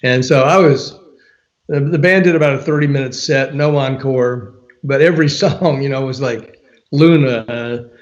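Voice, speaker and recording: A man's voice: mid-range voice, moderate pace, lo-fi sound. An older man, an author and former radio promo man, telling a story in an interview, laughing often and acting out quotes. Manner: animated storyteller, laughs often, frequent fillers, quotes people in dialogue.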